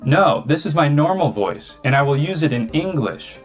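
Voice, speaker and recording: A man's voice: on the high side, animated, moderate pace, faint music behind. A man from Catalonia, a guest answering in a comedy interview in a blunt, mock-offended way. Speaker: esports player guest.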